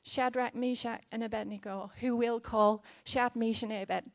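A woman in her thirties delivers a sermon, earnest and gently conversational. Her voice sits a little high and is caught close with no room sound. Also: fairly even intonation, moderate pace, no echo. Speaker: preacher.

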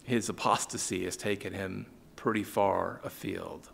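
A man's voice: sits low, steady tone, measured pace, vocal fry, a bit bright. A man leading a conversational Bible study, paraphrasing verses in casual speech, chuckling and calling on listeners by name. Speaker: Bible teacher.

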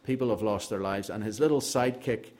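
A man's voice: lowish voice, a little fast, darkish tone. A man preaching an expository sermon, earnest and emphatic, with a dry sense of humor.

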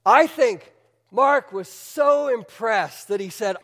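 A man preaching a sermon as a pastor, telling the story in an animated way and asking the audience questions. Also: very high voice, slow, in a large hall.

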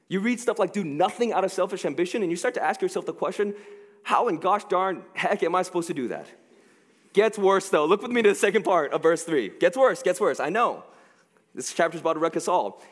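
A man preaching a casual, joking sermon into a headset mic, talking in an animated way with lots of fillers. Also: high voice, fairly quick, long reverb tail.

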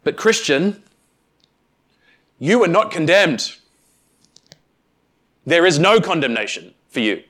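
A man preaching a sermon, speaking emphatically with deliberate pauses and addressing the congregation directly. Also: a little high, very animated, fairly bright tone. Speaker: pastor.

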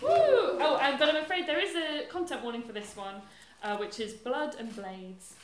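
A woman's voice: high-pitched, animated, moderate pace. A woman hosting a live storytelling event, chatty, with laughing asides. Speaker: event host. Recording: echoey venue with loud crowd. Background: loud crowd.

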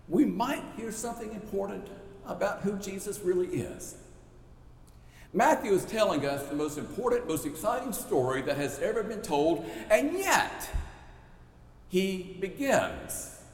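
Pastor with a higher voice, echoing hall. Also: male voice. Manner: storytelling, conversational, playful asides to the congregation. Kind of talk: sermon. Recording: echoey hall with long reverb.

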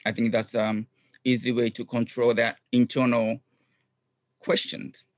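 A man's voice: mid-range voice, level tone, a little slow, dry recording. Guy talking casual in an interview, lots of ums, dry sound. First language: Japanese. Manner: upbeat, frequent ums, non-native phrasing. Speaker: guest, clown comedian and actor.

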